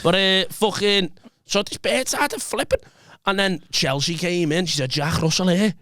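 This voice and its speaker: Man co-hosting, high bright voice, crude teaser. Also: lively intonation, a little slow, dry recording, studio quality. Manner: crude, teasing, laughs a lot. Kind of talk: casual banter.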